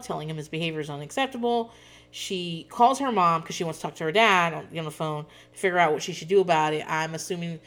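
Chatty woman host, slightly low voice. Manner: chatty, profane, laughs often. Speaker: podcast host. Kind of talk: casual chat recapping a reality show.

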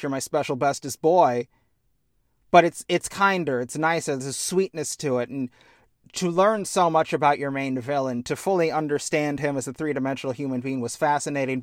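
Heard in clean studio sound with no room echo, this podcast co-host has a voice on the high side. He talks casually about a video game with heartfelt earnestness, animated storytelling, and jokes at his own expense.

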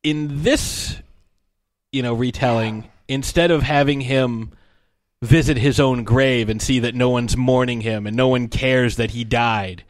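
Man, co-host, casual movie chat, animated retelling, mid-range voice, dry close sound. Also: mid-range voice, unhurried, dry recording. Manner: animated storytelling with frequent laughs and fillers.

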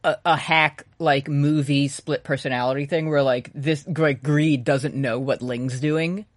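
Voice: medium pitch, steady tone, unhurried, no echo. A podcast co-host rambling through an anime recap, laughing and acting out lines from the show. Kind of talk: casual chat recapping an anime.

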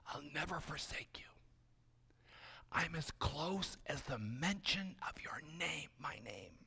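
A man voicing a gentle, tender God in a hushed whisper, as a whispered role-play. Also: on the high side, lively intonation, slow pace, creaky, breathy edge, heavily acted.

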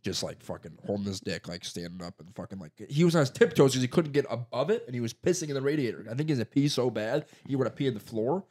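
Speaking fast with few pauses, a young man with a medium-pitched voice shares childhood stories in casual conversation. His telling is lively and profane, with plenty of put-on voices.

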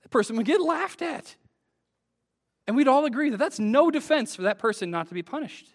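A man's voice: extremely high pitch, big pitch swings, brisk. A man preaching an earnest sermon to a congregation, building to emphatic peaks.

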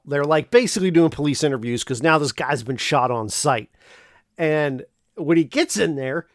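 A man's voice: on the high side, dry recording, studio quality. A man casually retelling a film plot, rambling and joking with lots of fillers. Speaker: podcast host recapping a film. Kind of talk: casual chat.

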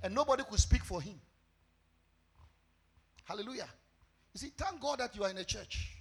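A male pastor, preaching a fervent sermon that breaks into shouts and sung phrases. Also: high voice, expressive, moderate pace, slightly rough.

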